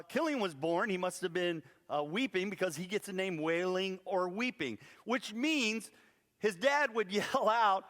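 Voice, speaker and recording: A man preaching a sermon, telling a Bible story in a lively way with playful asides. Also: medium pitch, in a large hall. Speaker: pastor. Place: church sanctuary.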